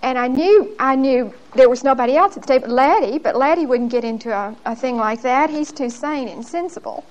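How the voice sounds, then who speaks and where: A Bible teacher with a voice that sits high gives a lesson briskly, with few pauses. She's lively, telling her stories in an emphatic, folksy way and often laughing as she talks. The recording is low quality.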